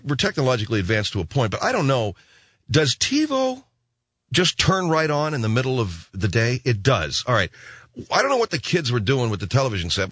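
A middle-aged man with a medium-pitched voice hosts a late-night radio program, recounting a rambling story with plenty of asides and acting out voices with animation. The recording, made on a studio microphone in a radio studio, is dry.

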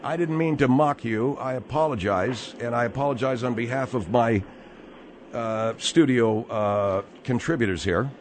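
A man's voice: mid-range voice, normal speed, a little hiss or hum. A man hosting a radio talk show from the studio, probing and needling a caller.

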